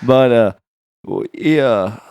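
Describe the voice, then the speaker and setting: Guy gabbing on a podcast, normal pitch, dry mic, doing little voices in his stories. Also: very slow, vocal fry, smooth, dry recording, highs cut off. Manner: animated storyteller acting out quotes. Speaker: podcast co-host. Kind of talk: casual chat.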